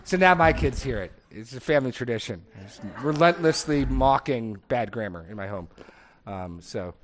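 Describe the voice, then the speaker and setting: A man's voice: mid-range voice, lively intonation, normal speed. A middle-aged man leading a casual Bible study discussion, chatty and digressive, laughing often as he talks.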